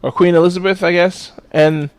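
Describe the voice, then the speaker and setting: A man's voice: sits high, fairly even intonation, moderate pace, darkish tone, clean tone, dry recording. A man co-hosting a podcast in casual chat, blunt and profane, laughing often. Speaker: podcast co-host.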